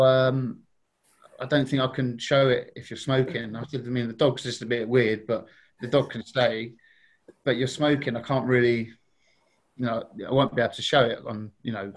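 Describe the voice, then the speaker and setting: A man, a podcast guest telling funny anecdotes in a chatty way and laughing as he goes. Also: mid-range voice. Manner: chatty, laughing, acts out quoted voices.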